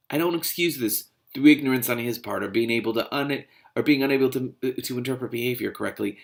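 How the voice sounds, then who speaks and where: A man's voice: mid-range voice, quick pace, vocal fry, few pauses. A man reading a novel aloud and breaking off into indignant, exasperated commentary. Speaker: reader and commentator.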